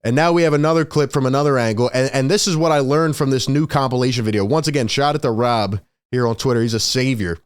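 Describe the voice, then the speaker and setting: A man hosting a casual basketball recap, excitable, laughing often and acting out what the players said. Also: mid-range voice, fast, clear, resonant tone, dry recording, studio quality. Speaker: sports video host. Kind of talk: casual game recap commentary.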